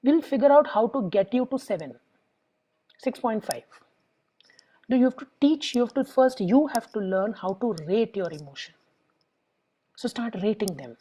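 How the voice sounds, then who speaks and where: A middle-aged woman with an Indian English accent lectures parents as a psychologist. Her voice sits a little high but sounds mellow and soft-edged. She walks through each step and acts out what clients and children say. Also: expressive, normal speed, pauses often, low-quality recording. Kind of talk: lecture with examples.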